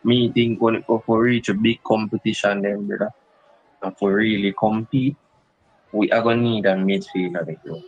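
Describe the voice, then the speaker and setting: A man's voice: fairly low pitch, fairly even intonation, moderate pace, husky, muffled recording. A young man with a Jamaican accent arguing about football in a heated casual debate, insisting on his point and calling his co-host "bro". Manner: insistent, repeats "bro" and "brother".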